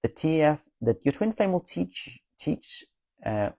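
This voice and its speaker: In a fairly high, sing-song voice with a dark tone, a spiritual advice creator speaks a little slowly and casually to viewers about spiritual healing. He's earnest and reassuring, checks in with "okay?" and bluntly swears now and then; there's no echo.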